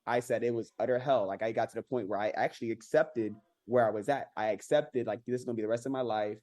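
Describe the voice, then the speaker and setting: A man telling his own story as a podcast guest, earnest and halting, with many repeated words and restarts. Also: mid-range voice, warm tone. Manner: rises sharply when mimicking others. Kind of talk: candid personal storytelling.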